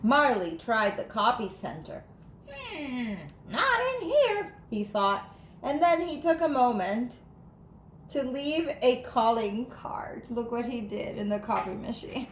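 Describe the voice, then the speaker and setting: A woman teacher reads a children's picture book aloud in an animated, playful way. She takes her time, and her pitch rises and falls a great deal. The room is echoey, with faint noise behind her. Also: unhurried. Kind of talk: children's storybook read-aloud.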